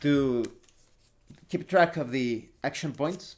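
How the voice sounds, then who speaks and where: A man's voice: mid-range voice, slow, a little hiss or hum. A man hosting a solo tabletop game tutorial, explaining the rules and narrating the scene step by step with small restarts. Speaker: host and solo game player.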